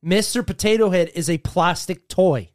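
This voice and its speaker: A man's voice: high voice, normal speed, a little mellow. A man co-hosting a podcast in brash, argumentative, profane banter. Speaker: podcast co-host. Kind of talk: crude comedic chat.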